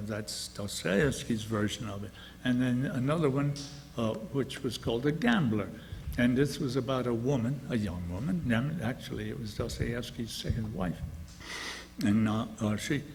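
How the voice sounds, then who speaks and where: An older author with a gravelly, medium-pitched voice rambles and chuckles through storytelling at his book release event, often restarting. The recording has the echo of a hall and some faint background noise.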